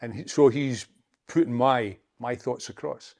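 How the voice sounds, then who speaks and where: A Scottish man in his seventies telling a story as an interview guest, halting and repeating words as he chats. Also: mid-range voice, gravelly, darkish tone. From Scotland. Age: 70s. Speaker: interview guest, former footballer. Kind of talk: anecdotal storytelling.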